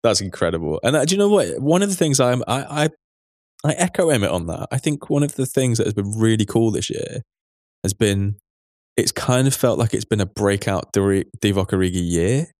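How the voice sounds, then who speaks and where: A man hosting a podcast, chatting casually in a relaxed, agreeable way and reading a listener message. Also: lowish voice, fairly quick, no room sound, studio quality. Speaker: podcast host.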